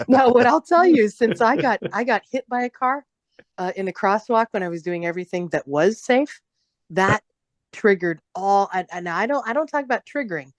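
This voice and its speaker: A woman's voice: medium pitch, animated, moderate pace, dry recording. A woman co-hosting a podcast who tells a story casually and with animation, swearing freely, laughing, and stumbling over her words. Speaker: podcast co-host.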